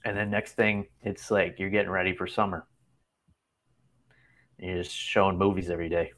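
A man's voice: low voice, little pitch movement, moderate pace, fairly bright tone. A man in his thirties hosting a casual chat show from a hotel room, rambling and laughing often. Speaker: podcast host.

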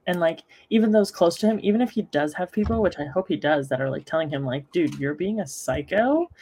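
A woman's voice: lowish voice, dark tone, slight background noise. A young woman co-hosting a casual podcast, giving blunt, dismissive opinions. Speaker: podcast co-host.

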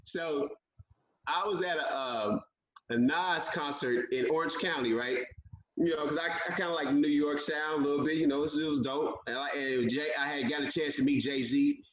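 A man tells a long story in a casual interview, acting out what people said along the way. His voice sits a bit high, and the audio is echoey and dull, like a lo-fi call recording. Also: moderate pace. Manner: animated storyteller, acts out quotes. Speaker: guest.

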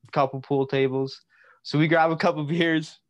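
A man's voice: a little high, little pitch movement, moderate pace. A young man on a podcast, telling a long rambling story with lots of fillers and laughing as he goes. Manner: rambling, filler-heavy, laughs through his stories. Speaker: podcast co-host. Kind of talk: casual storytelling chat.

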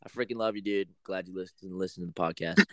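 A man's voice: low-pitched, steady tone, quick pace, fairly bright tone, dry recording. Giggly man teasing on a podcast. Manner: giggly, teasing, calls people dude and bro. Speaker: podcast co-host. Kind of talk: casual comedic podcast banter.

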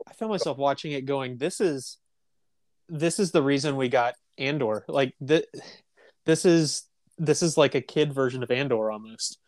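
A man's voice: mid-range voice, moderate pace, a little mellow, no room sound. A man co-hosting a casual podcast, joking and swearing casually, often stammering through restarts. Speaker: podcast co-host.

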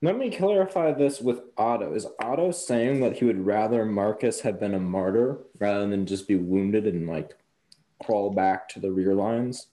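Low mellow-voiced man steering a game chat. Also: moderate pace. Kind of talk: casual tabletop game discussion.

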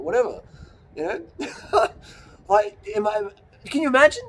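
A man's voice: extremely high pitch, big pitch swings, fairly quick, slight background noise. A man, a YouTuber giving a blunt, rambling motivational rant outdoors in the hills, swearing and laughing at his own jokes. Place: outdoors in the hills on a cold evening.

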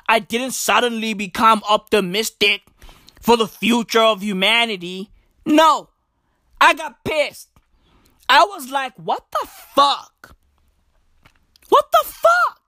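A woman's voice: on the high side, a little slow, a bit bright, dry recording, clean studio sound. A woman delivering a profane comic rant, full of slang, swearing and emphatic repeats. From South Africa.

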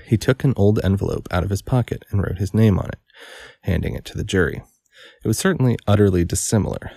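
Man, low gravelly voice, casual read-aloud with asides; dry close sound. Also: mellow, no room sound. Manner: pauses to correct and comment on his reading. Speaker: audiobook reader.

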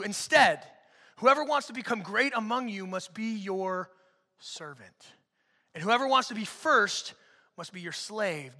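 A man in his thirties preaching a sermon in a church, animated and joking, acting out quotes. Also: high-pitched, big-room sound. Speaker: pastor. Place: church auditorium.

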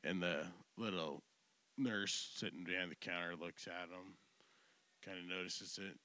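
A man's voice: deep voice, fairly even intonation, measured pace, pushed and bright. A man hosting a casual podcast chat, loose and laughing with crude humor. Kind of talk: casual chat and joke telling.

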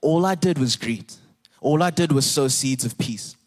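A young man preaching a sermon, earnest and animated, repeating words and rising for emphasis. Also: mid-range voice, normal speed. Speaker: pastor.

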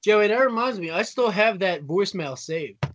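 A man's voice: high-pitched, animated, normal speed, a bit bright, a little hiss or hum. A man co-hosting a casual podcast over a call, rambling easily with lots of filler words. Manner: laid-back, rambling with many "like"s. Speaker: podcast co-host. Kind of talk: casual chat.

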